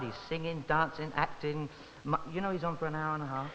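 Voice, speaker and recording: A man's voice: a little high, normal speed, pauses often, noisy background. Cheeky man, stage patter, lo-fi. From Britain. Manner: cheeky, mock-earnest patter. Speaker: entertainer. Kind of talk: comic stage banter and song. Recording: lo-fi recording, long reverb, music behind.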